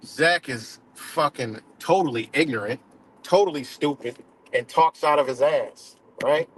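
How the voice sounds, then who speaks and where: A man hosting a live stream, ranting casually and profanely, filling pauses with "right?" and "you know?". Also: a little high, slightly rough. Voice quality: dreadlocks wearer talking in a loose, street-casual way.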